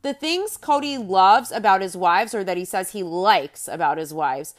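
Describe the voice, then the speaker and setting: A woman's voice: mid-range voice, lively intonation, moderate pace. A woman hosting a podcast, recapping a reality show in a blunt, sarcastic monologue and mocking quoted lines in exaggerated voices. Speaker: podcast host.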